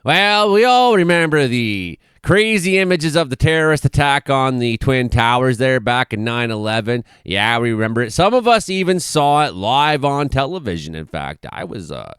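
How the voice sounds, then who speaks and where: A man's voice: mid-range voice, very animated, normal speed, hardly any pauses, a bit bright, clean tone, no room sound, clean studio sound. A man in his forties, hosting an irreverent comedic news commentary with chuckles and swearing. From Canada. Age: 40s. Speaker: host.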